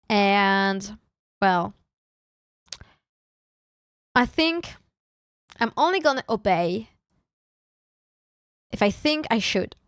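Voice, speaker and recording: A woman's voice: mid-range voice, fairly bright tone, smooth, no room sound, studio quality. A young woman, streaming in casual chat, playfully teasing her viewers and often restarting her sentences. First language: French. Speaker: VTuber streamer.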